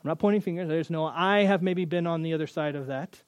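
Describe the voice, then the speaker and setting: A man delivering a sermon with a high voice, animated and conversational, often slipping into the voices of the characters he describes. The recording is dry and close, with almost no room sound. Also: fast talker, clear, resonant tone, no echo, muffled recording. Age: adult. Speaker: pastor.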